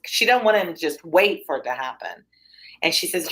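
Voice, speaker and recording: A woman tutor reading a play aloud and explaining it casually, with lively high-pitched asides. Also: normal speed, husky. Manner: casual and animated, jumps into high excited asides.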